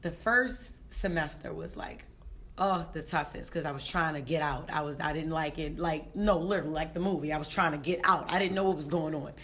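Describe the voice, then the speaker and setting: A woman's voice: deep voice, a little fast, a little hiss or hum. A woman, a comedian telling stories in a casual interview and acting out what people said. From Baltimore, Maryland, USA. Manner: animated, acts out quotes in voices, laughs often. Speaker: comedian guest.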